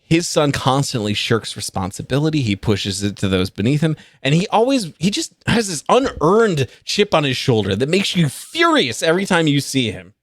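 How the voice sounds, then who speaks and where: Animated, lively-voiced game master. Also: male voice, fairly high pitch, moderate pace, few pauses, dry recording, studio quality. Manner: animated, laughing, playful. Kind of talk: narrating a tabletop game.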